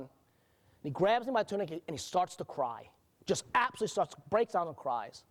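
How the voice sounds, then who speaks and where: Animated middle-aged American man speaking. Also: sits high. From United States. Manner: earnest storytelling with halting restarts. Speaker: agency director giving a keynote. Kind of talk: conference keynote speech.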